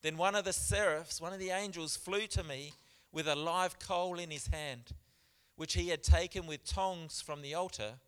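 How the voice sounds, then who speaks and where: Emphatic preaching man, smooth voice. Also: a little high, normal speed. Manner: preaching with emphatic repeats, shifting loud and soft. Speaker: pastor. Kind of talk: sermon. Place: church.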